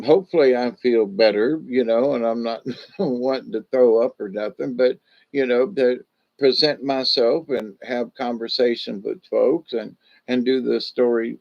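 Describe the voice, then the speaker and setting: A man's voice: mid-range voice, gravelly, muffled recording. A man chatting casually on a livestream from home, rambling in a folksy, repetitive way and leaning on "you know". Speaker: livestream host.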